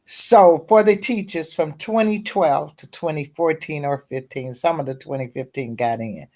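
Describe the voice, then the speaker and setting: A woman's voice: low voice, moderate pace, a little mellow. A middle-aged woman, a teacher advocate and guest at a round table discussion, telling her story bluntly and candidly.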